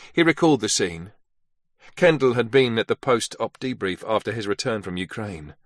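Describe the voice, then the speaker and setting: A man's voice: lowish voice, fairly bright tone, no room sound. Male thriller audiobook narrator, dry close sound. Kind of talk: scripted narration.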